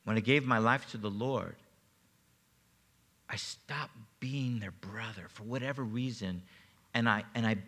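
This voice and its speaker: A man with a lowish, sharp-toned voice preaches as pastor, recounting a personal testimony with emotion and halting repetitions. The recording, made in a church sanctuary, carries the long reverb of the hall.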